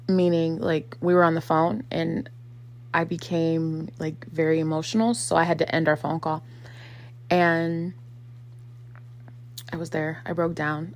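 A woman's voice: low voice, steady tone, normal speed, long pauses. A woman in her thirties talking casually and reflectively in a personal vlog, full of fillers and acted-out quotes. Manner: conversational, many fillers, acts out quotes. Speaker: vlogger.

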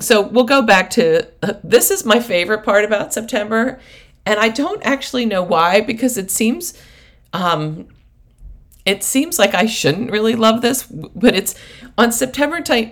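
A middle-aged woman coach telling stories in a casual, rambling monologue full of asides. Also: medium pitch. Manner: rambling, digressive storytelling with laughs and asides. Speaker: prosperity coach and host.

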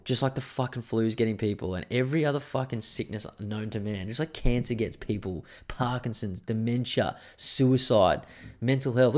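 A man's voice: on the low side, a little mellow. A man with an Australian accent hosting a solo podcast, ranting angrily and swearing as he rambles. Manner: angry, profane, rambling. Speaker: podcast host.

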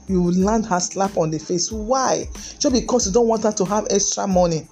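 With a warm, mid-range voice at a moderate pace, a middle-aged female lawyer preaches earnestly about marriage as faint music plays behind her. She stresses her points, repeats words often and keeps throwing in "hey."

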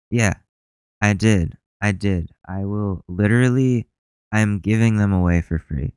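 Sweary low-voiced male podcast host. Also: lively intonation, moderate pace, darkish tone, clean tone, no room sound, clean studio sound. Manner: rambling, sweary, sarcastic. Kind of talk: casual commentary.

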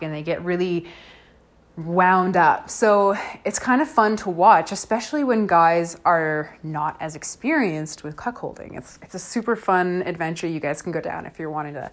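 A woman's voice: on the low side, expressive, a little slow. A woman hosting her own podcast in a casual solo monologue. She talks frankly and chattily, laughs often and fills her sentences with "like" and "you know". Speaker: podcast host.

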